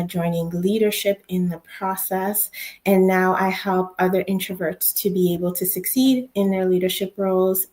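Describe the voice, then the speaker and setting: A woman career coach giving interview answers in a measured, explanatory way, often affirming with a soft mm-hmm. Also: on the low side. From Canada.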